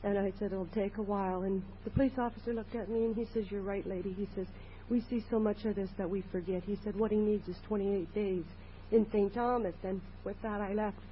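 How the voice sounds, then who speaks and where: A woman's voice: medium pitch, fairly even intonation, fairly quick. A woman sharing a personal story at a recovery meeting in an earnest, plain way. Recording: dull 1980s tape with faint hiss.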